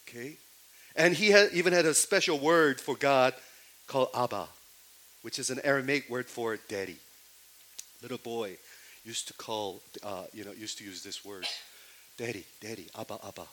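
A man's voice: medium pitch, moderate pace, poor audio. A man preaching a sermon who keeps questioning his listeners and repeats himself, his voice climbing when he quotes scripture. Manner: questions the audience again and again, rising loud on quoted lines.

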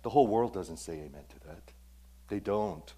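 Emphatic low-voiced male pastor preaching. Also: lively intonation, normal speed, dark tone. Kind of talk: sermon.

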